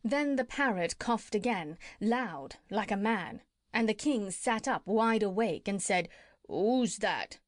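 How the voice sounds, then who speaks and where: A woman narrating a classic children's story as an audiobook, steady and gentle. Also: mid-range voice, measured pace, dry recording, studio quality.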